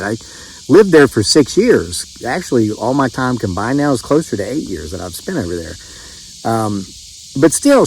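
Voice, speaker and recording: A man's voice: medium pitch, a little mellow, slight background noise, low-quality recording. Middle-aged West Virginia man telling a story. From West Virginia, USA. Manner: rambling, frequent restarts and quoted dialogue. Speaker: channel host telling a story. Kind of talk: casual storytelling monologue.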